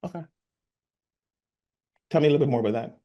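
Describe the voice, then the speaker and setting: A man's voice: a little high, fast talker, dull audio. A man coaching on sales, casually talking through a sales call and acting out both sides of it. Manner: animated, acts out sales calls. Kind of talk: casual conversation.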